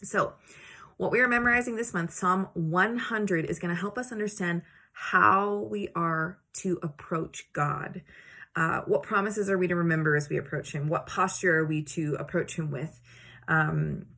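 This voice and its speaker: A woman teaching a scripture memory lesson in a chatty, animated, encouraging way. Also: fairly low pitch, normal speed. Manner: chatty and animated, acts out quotes; encouraging, plainspoken. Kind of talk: casual teaching video.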